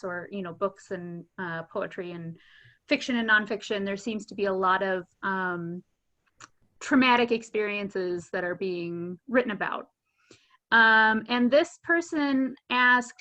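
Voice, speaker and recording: A woman's voice: on the high side, a bit bright, low-quality recording. Woman moderator reading audience questions. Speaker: moderator, festival organizer.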